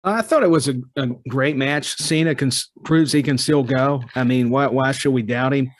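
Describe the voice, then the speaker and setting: A man's voice: medium pitch, dry recording, clean studio sound. A man guesting on a podcast, chatting with enthusiasm. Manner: enthusiastic, talks in quick lists. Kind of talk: casual podcast chat.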